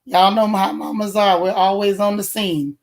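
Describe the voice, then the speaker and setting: A middle-aged woman with a hoarse, strained voice, casually greeting viewers one by one on her livestream. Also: mid-range voice, steady tone, normal speed. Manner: warm, chatty, greets viewers by name. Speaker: livestream host.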